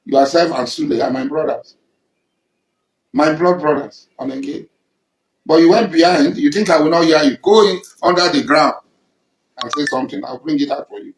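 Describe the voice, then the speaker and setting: A man with a Nigerian accent, a militant leader, makes an angry, accusing public statement aimed at his rivals, confronting someone directly and repeating his points. His voice is a little high, at normal speed with frequent pauses. The low-quality recording is reverberant.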